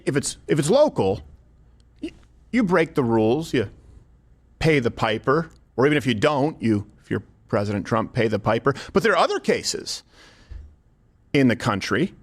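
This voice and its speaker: Brief: male commentary host, lively pitch, pushy and direct to camera. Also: moderate pace, pauses often. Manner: emphatic, argumentative, addresses viewers directly. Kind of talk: scripted commentary narration.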